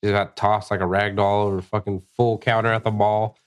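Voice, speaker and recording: A man's voice: lowish voice, flat delivery, brisk. A man co-hosting a tattoo podcast, chatting casually as a rambling, profane storyteller. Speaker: podcast co-host, tattoo artist. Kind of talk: casual chat.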